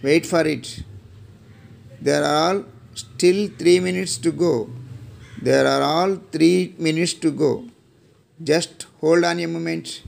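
Middle-aged male English teacher, Indian English accent, unhurried, reads set phrases with careful repeats. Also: on the high side, creaky. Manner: slow, deliberate phrase-by-phrase reading with repeats. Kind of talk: reading out classroom phrases.

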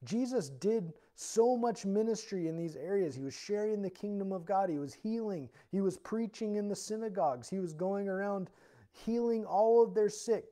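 This high-pitched man is a pastor leading a verse-by-verse Bible study at church. He explains things earnestly, and his volume climbs when he reads passages from scripture.

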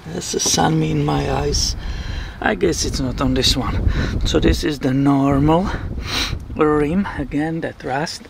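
A man hosting a car repair vlog in a chatty, excited way, often tagging sentences with a question to the viewer. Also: a little high, slow, creaky. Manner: chatty, keeps asking "right?", excited. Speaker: car repair channel host. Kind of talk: casual vlog to camera. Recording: very echoey, distant mic, faint noise.

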